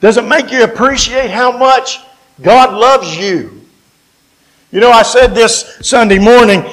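A man with a West Virginian accent delivers a sermon in a strikingly high voice. His delivery is folksy and emphatic, and he slows down to lean on the key phrases. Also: fairly bright tone, low-quality recording. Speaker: preacher.

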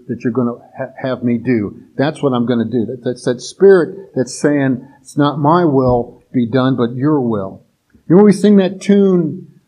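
Guy with a husky voice preaching, chatty and loose, keeps restarting lines. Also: mid-range voice, warm tone, poor audio. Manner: conversational, restarts often, uses filler phrases. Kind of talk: informal sermon.

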